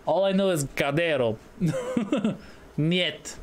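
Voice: mid-range voice, expressive, moderate pace, background noise. A let's-play streamer chatting casually during a game playthrough, joking and laughing often. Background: game music.

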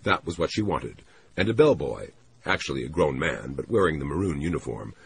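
A man doing scripted audiobook narration, expressive and voicing characters. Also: rumbling low, fairly quick, vocal fry, noisy background.

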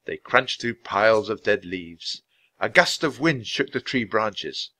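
A man reading a children's chapter book aloud at a natural pace for language learners. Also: measured pace. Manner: reads at a natural, even speed for language learners; jumps higher and louder for the characters' lines. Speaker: storybook reader.

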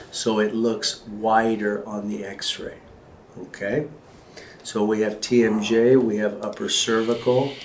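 A man with a lowish voice, sounding like a chiropractor in an exam room, walks his patient through x-ray findings. He's relaxed and joking, talking as he points things out, in an echoey room with faint background noise.

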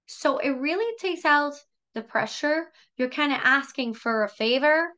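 A woman with a French accent, coaching listeners in a lively, chatty way and acting out sample phrases. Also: sits high, measured pace. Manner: lively, chatty, repeats herself. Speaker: sales trainer. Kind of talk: coaching talk with role-played examples.

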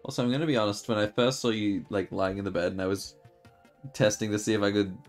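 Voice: sits low, fairly even intonation, fast, soft background music. A co-player chatting casually during a game stream in an easygoing, teasing way. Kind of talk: casual gameplay chat.

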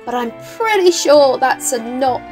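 Woman, higher-pitched voice, casual gameplay chat, laughs often, bosses the characters around, home desk mic. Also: animated, a little slow, darkish tone, soft background music. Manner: chatty, laughs often, scolds game characters. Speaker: gaming YouTuber. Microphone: desk mic with face cam.

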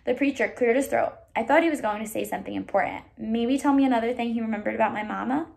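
A woman reading a children's novel aloud, pausing to explain words to listeners. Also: a little high, vocal fry, a little mellow. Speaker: reader.

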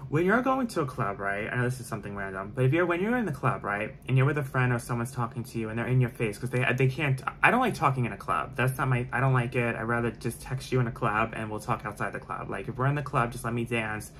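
A man's voice: mid-range voice, lively intonation, fast talker, few pauses, a bit bright, slight background noise. A man chatting casually while doing his makeup on camera, opinionated and prone to tangents. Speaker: beauty vlogger. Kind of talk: casual chat during a makeup tutorial.

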